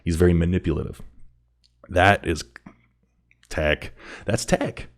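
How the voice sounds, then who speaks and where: Deep-voiced excitable man reacting to music. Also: gravelly. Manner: excited, halting, repeats words, rises in pitch when thrilled. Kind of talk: casual reaction commentary.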